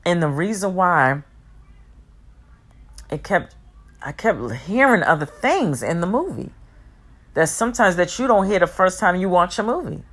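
A woman giving a heartfelt personal motivational talk, emphatic and repetitive, sometimes rushing her words. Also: fairly low pitch, animated, fairly bright tone. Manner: speeds up and slows down, talks fast at times.

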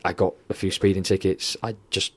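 A man telling a painful personal story in an interview, emotional and near tears, halting and swearing often. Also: sits low, level tone. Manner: candid, heavy swearing, halting restarts. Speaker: podcast guest.

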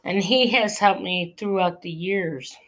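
A woman giving an earnest personal faith testimony, preaching encouragement. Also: fairly low pitch. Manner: earnest, preachy, slow and deliberate.

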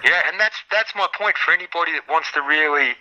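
A man's voice: on the high side, fairly quick, sharp tone, muffled recording. A middle-aged Australian man chatting as a guest, swearing freely and telling rambling stories. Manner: swears freely, rambling storyteller who acts out other people's voices. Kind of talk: casual chat.

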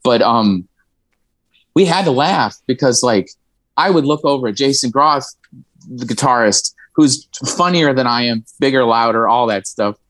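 A man's voice: medium pitch, expressive, unhurried, fairly bright tone, dry recording. A man from Indiana, talking as a musician guest in a frank, emotional and sometimes profane way, with laughing asides. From Indiana, USA. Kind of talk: candid conversational storytelling.

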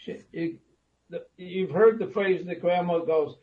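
A man's voice: high voice, a little slow. A man co-hosting a casual radio talk show, wry and storytelling as he banters. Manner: wry, storytelling, acts out grandma lines. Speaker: radio co-host. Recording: dull lo-fi sound.

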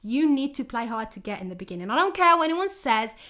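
A young woman telling a dating story and giving advice, acting out both sides of the conversations in a lively, candid way. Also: a little high, fast talker. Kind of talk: casual storytelling monologue.

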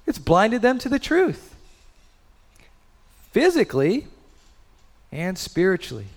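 A man's voice: high voice, huge pitch swings, slow, in a large hall. A man in his thirties preaching a sermon in a conversational way, full of rhetorical questions. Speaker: pastor.

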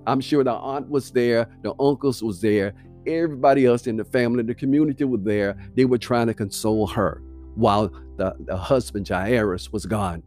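A man preaching a sermon in a mid-pitched voice, alternating between reading scripture and talking straight to his listeners. His delivery is conversational and emphatic. A soft guitar plays quietly underneath.

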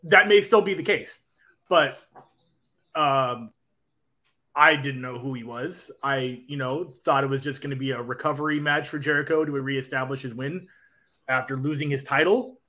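Male podcast co-host, bright timbre, rambling analytical style, casual and unscripted. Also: medium pitch, moderate pace.

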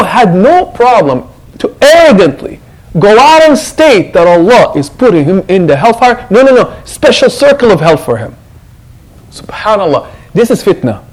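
A man's voice: high-pitched, poor audio. A man, an imam, giving a conversational Quran reflection to his congregation and acting out what others say. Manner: animated, conversational, acts out quotes.

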